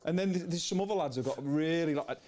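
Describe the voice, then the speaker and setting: A man, telling stories in a casual chat, animated and often laughing. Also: fairly high pitch, fast, a little hiss or hum.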